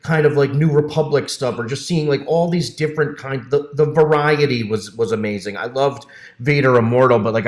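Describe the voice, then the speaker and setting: A man guesting on a virtual panel, enthusiastic and halting with many fillers, heard over a video call. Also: mid-range voice, roomy sound. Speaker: actor guest. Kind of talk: casual panel chat.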